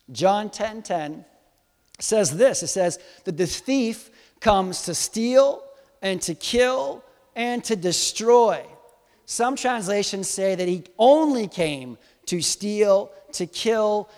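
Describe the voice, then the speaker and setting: A man preaching a sermon to a live congregation, animated and swinging from soft to loud, teasing and quizzing his listeners. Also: sits high. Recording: long hall reverb.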